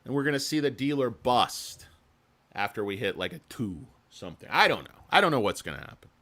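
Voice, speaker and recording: A man's voice: mid-range voice, sing-song, fairly quick, sharp tone. A man hosting a livestream in casual chat, rambling and joking with lots of swearing. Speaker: livestream host.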